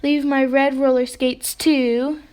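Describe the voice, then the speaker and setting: A woman's voice: high-pitched, level tone, slow, darkish tone. A woman voicing a sick, grumpy male bear who talks melodramatically about his cold. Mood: melodramatic. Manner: melodramatic, grumbling, self-pitying.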